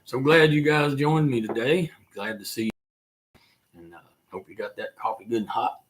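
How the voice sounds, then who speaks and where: An older man with a Southern accent from the North Carolina mountains, hosting a casual live chat in a folksy, rambling way with drawn-out fillers. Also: medium pitch, over music. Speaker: livestream host and musician.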